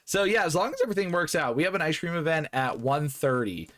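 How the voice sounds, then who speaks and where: A man's voice: fairly high pitch, lively intonation, fast talker, fairly bright tone. A man hosting a podcast stream, chatting casually and goofing around as he signs off. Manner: jokey, goofy, rambling sign-off. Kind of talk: casual chat while live streaming.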